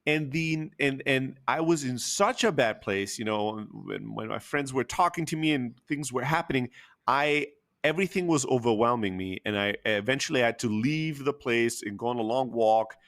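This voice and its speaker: A man's voice: mid-range voice, lively intonation, normal speed, fairly bright tone. A man telling an emotional personal story candidly, with frequent fillers and the odd swear word.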